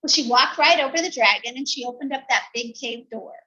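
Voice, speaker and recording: A woman teacher reading a picture book aloud to young children, drawing out her words in an animated storytelling way. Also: high-pitched, fairly quick, slight background noise. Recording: dull lo-fi recording.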